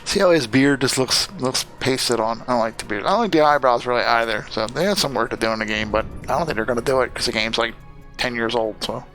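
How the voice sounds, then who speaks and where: A man's voice: mid-range voice, quick pace, a bit bright. A man giving rambling, jokey commentary while streaming a video game. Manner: rambling, chatty, jokey asides. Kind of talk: casual let's-play commentary. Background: game music.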